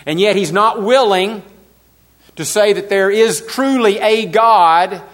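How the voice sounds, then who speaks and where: A man's voice: high voice, slow pace, fairly bright tone. A man preaching a sermon to his congregation, repeating key phrases for emphasis and asking his listeners questions. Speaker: pastor.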